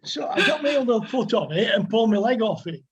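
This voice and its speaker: A man's voice: high-pitched, very animated, fast, breathy edge. A man in his sixties with a Lancashire accent, a podcast guest telling old cricket stories in a rambling, chatty way full of dialect words and fillers. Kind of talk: anecdotal storytelling.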